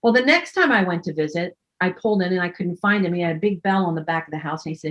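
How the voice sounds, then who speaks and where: A woman's voice: on the low side, expressive, fast talker, few pauses, highs cut off. A woman storyteller telling a personal story in a casual way, with wry, self-deprecating humor.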